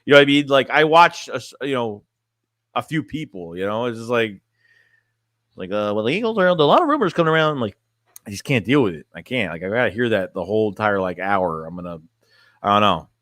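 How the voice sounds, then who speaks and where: A man's voice: fairly low pitch, brisk, a bit bright, no room sound, clean studio sound. A man chatting casually on a livestream as a sports fan streamer, reading chat and talking bluntly, rambling and restarting his phrases.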